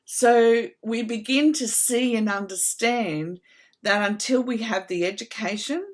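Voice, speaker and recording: A middle-aged woman giving an earnest, heartfelt reflective talk to camera, slow and emphatic. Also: a little high. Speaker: trauma recovery channel host.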